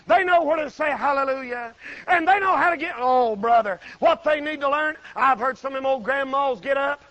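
A middle-aged preacher delivers a folksy, rousing sermon. His voice sits very high and rings bright and sharp. He bursts into shouts and acts out the voices in his stories. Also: moderate pace, highs cut off.

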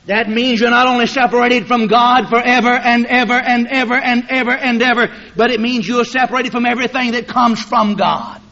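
High-voiced fiery preacher man, lo-fi. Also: steady tone. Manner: dramatic swings from hushed to shouting, drawn-out emphasis. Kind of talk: fiery sermon. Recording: dull lo-fi sermon recording.

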